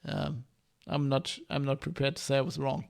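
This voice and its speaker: A man's voice: mid-range voice, flat delivery, normal speed, creaky. A man hosting a podcast, giving casual solo commentary in a rambling, hesitant way with many restarts. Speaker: podcast host.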